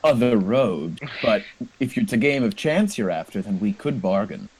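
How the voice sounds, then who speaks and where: A smug middle-aged wizard, sneering and haughty, with a swooping pitch, as a man puts him on while running a tabletop game. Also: sing-song, moderate pace, a little mellow, slight background noise, poor audio.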